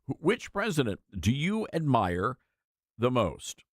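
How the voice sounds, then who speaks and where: A man hosting a talk show, giving opinionated commentary in an animated, mocking way. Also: medium pitch, measured pace, no echo, clean studio sound. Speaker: radio talk show host.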